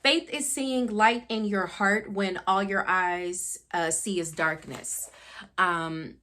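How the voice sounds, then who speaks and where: A woman's voice: mid-range voice, slow pace, bright, forceful tone. A young woman talking through a book review in a candid, chatty way, full of fillers and asides. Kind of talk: casual book review talk.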